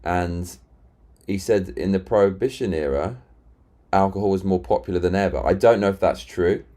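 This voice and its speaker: A man with a very low, deep voice chats casually on a live stream. He rambles, restarts sentences and retells arguments with friends. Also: moderate pace, warm tone. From Britain. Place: London.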